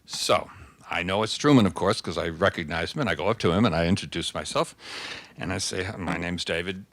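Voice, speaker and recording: Low, dry-voiced older male storyteller. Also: lively intonation, a little fast, no room sound. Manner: conversational storyteller, frequent restarts. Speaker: guest speaker. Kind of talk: anecdotal talk.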